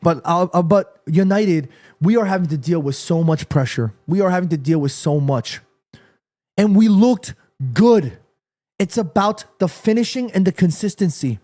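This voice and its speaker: High-voiced heated streamer man. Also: moderate pace. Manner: animated, swings from calm to heated rants, swears, reads chat aloud. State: sweaty after the match. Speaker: watchalong streamer. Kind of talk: live football watchalong reacting to chat.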